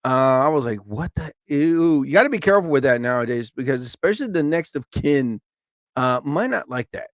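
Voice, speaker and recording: A middle-aged man hosting his own live stream, chatting casually and acting out what people said in high, mocking voices. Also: fairly quick, no echo, clean studio sound. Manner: animated, acts out quotes in high voices.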